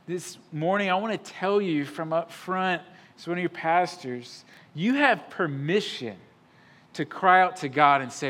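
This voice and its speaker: A man preaching a sermon as pastor, emphatic, swinging from loud declarations to hushed, quiet lines. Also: on the high side, measured pace. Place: church sanctuary.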